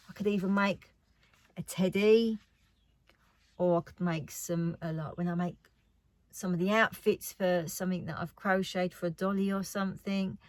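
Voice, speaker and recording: A woman's voice: on the low side, fairly even intonation, normal speed, darkish tone, dry recording. A woman chatting casually about her craft haul. She rambles and often drops to a near whisper. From United Kingdom. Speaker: craft vlogger.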